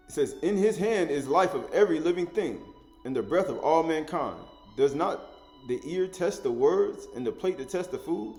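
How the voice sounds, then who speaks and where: A man preaching a sermon, teaching in an animated way, repeating and restating his words and chuckling as he goes. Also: a little high, moderate pace, soft background music.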